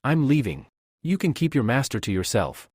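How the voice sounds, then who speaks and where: A man voicing a blunt young woman who leads her people, in a flat read-aloud delivery. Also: mid-range voice, moderate pace, dry recording, studio quality. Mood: plain.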